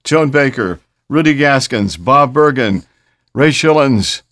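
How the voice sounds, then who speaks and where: A man's voice: mid-range voice, lively intonation, takes it slowly, fairly bright tone, no room sound. A man hosting a podcast, genial and chatty, often stumbling over his words. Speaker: podcast host. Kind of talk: casual podcast interview.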